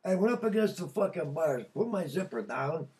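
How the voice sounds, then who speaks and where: An older man from Connecticut telling a story casually, profane and animated, laughing mid-sentence. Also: fairly high pitch, moderate pace, recorded from a distance. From Connecticut, USA. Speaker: podcast guest.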